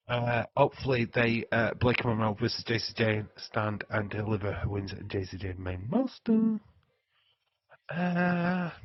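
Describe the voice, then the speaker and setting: British man, stream host, casual chat, low voice, husky, swears, jokey rambling, dry slightly dull mic. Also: dry recording. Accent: British English. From Britain.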